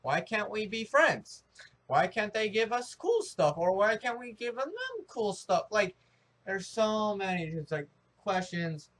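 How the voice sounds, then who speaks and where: A young man from the United States rambling excitably in a casual opinion vlog, full of restarts and fillers. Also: high voice, a little slow. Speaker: vlogger.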